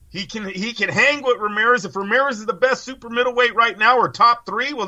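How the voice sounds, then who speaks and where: A man's voice: high-pitched, pushed and bright, lo-fi sound. A man co-hosting a casual boxing podcast, giving rambling, opinionated takes with casual swearing. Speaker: co-host.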